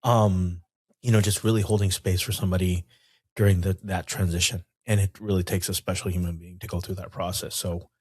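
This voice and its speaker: A man hosts a podcast in a very low, slightly husky voice. He talks earnestly and often murmurs his agreement. The sound is dry and close. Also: flat delivery, a little fast, darkish tone, dry recording. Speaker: podcast host. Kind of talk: podcast conversation.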